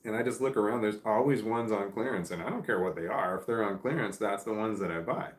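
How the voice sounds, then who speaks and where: A man's voice: on the low side, fast, roomy sound. A man hosting a livestream, chatting casually and reading out viewer comments, rambling with many restarts. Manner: rambling, with frequent restarts and filler. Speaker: livestream host.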